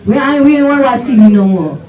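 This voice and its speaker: A daughter giving an animated eulogy at a funeral, telling laughing stories full of quoted dialogue. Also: female voice, a little high, fast. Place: funeral home chapel. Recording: echoey hall, voice from far off, faint noise.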